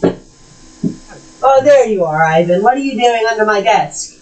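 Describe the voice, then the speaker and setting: A woman's voice: mid-range voice, expressive, moderate pace, a little mellow, rough recording. A woman chatting casually while gaming, swearing a lot and scolding her cat in exasperated bursts. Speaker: gamer streaming with friends.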